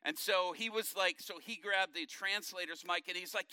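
A middle-aged man preaches with a somewhat high, very bright voice. He tells his stories with animation and acts out what others said. The recording is dry and close. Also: moderate pace, few pauses, clear, resonant tone, no echo. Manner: animated storytelling, acting out quotes. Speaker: pastor. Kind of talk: sermon.

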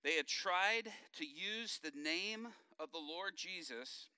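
A middle-aged male pastor preaching a sermon, telling stories in an animated way and acting out the quotes. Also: high voice, takes it slowly, smooth, dry recording, studio quality.

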